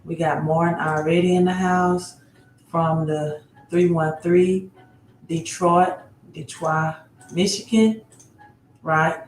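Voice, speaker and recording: A woman's voice: on the low side, fairly even intonation, slow pace, a little mellow, soft background music. A woman hosting a live stream, greeting viewers one by one and often tagging her phrases with "right?". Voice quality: repeats place names, tags phrases with "right?". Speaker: livestream host. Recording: roomy echo.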